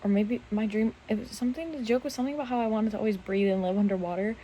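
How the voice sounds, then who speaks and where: A woman's voice: mid-range voice, rapid-fire, mellow, muffled recording, a little hiss or hum. A young woman chatting casually into her phone camera in bed at night, rambling and laughing at herself. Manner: rambling, self-mocking, giggly. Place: bedroom at night.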